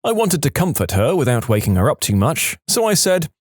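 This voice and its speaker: Animated male storytime narrator. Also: on the high side, brisk, no echo, clean studio sound. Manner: expressive, acts out quoted lines with voice changes. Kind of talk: scripted narration of reader stories.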